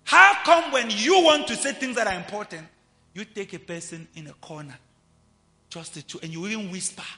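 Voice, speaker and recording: A man preaching a sermon, swinging from quiet, intimate asides to loud shouting. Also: high-pitched, expressive, moderate pace. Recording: long hall reverb, faint music behind.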